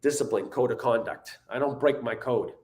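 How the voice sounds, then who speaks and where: A man's voice: mid-range voice, normal speed, darkish tone. A man with a Boston accent, a fitness trainer giving a punchy, joking motivational guest interview. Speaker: fitness trainer and transformation coach.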